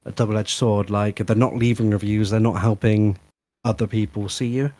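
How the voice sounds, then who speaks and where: A man's voice: lowish voice, fairly even intonation, moderate pace, mellow, no room sound. A man giving practical business advice in a casual live stream chat, with chatty fillers. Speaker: guest and fellow tradesman.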